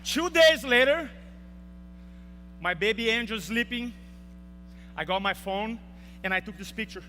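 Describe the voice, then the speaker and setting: A man's voice: sits high, expressive, unhurried, pushed and bright. A young man giving a motivational speech in a large hall, telling an emotional story and acting out the quotes. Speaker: speaker. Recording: reverberant hall with faint hum.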